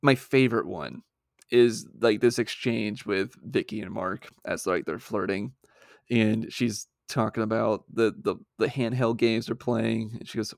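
A laid-back man co-hosting a casual film chat, with a gravelly, crackly voice at an ordinary pitch. He swears offhandedly and laughs a lot. The sound is dry, with no room echo. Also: a little slow. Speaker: podcast co-host.

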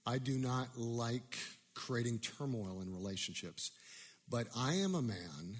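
A man's voice: medium pitch, animated, measured pace, slightly rough, in a large hall. A man preaching a sermon, telling a personal story in a self-deprecating way with many restarts.

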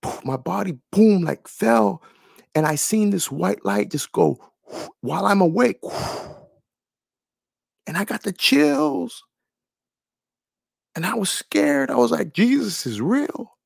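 A man tells his personal faith story with deep feeling, circling back to the same words again and again. His voice is strongly gravelly and husky, sitting a little high. The sound is close and dry. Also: animated, slow pace, pauses often, no room sound. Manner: earnest, emotional, repeats phrases for emphasis. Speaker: testimony speaker.

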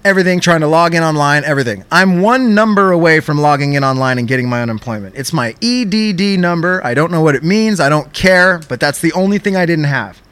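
A young man hosting a podcast and telling a story in an excitable, profane, animated way. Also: on the high side, fast talker, hardly any pauses, clear, resonant tone, no echo. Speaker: podcast host. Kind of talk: casual storytelling chat.

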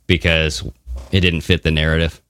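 A man's voice: rumbling low, level tone, moderate pace, a bit bright, clear, resonant tone, no echo. A man co-hosting a podcast, talking casually and animatedly, swearing now and then and mocking others in funny voices. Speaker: podcast co-host. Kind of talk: casual conversational podcast talk.

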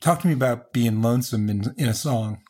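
A man with a warm, husky, medium-pitched voice hosts an interview at a fairly quick pace. He asks curious, probing questions, rephrasing them as he goes.

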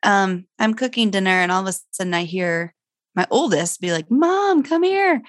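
Middle-aged mom telling a story, candid and lively, pitch jumps way up when she's excited, dry sound. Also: brisk, dry recording. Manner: candid, animated, rising sharply when excited. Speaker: guest, foster mother. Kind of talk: personal storytelling.

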